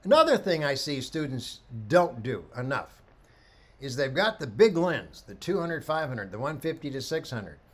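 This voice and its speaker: Animated storytelling photography teacher, man. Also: medium pitch, normal speed. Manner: animated storyteller, acts out quoted voices. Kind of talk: lively photography talk with anecdotes.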